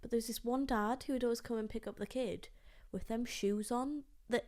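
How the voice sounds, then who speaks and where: A woman's voice: on the high side, fairly even intonation, normal speed, darkish tone. A young woman with a Geordie accent, co-hosting a casual chat and telling rambling stories packed with "like". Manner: rambling storyteller, heavy use of "like". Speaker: co-host.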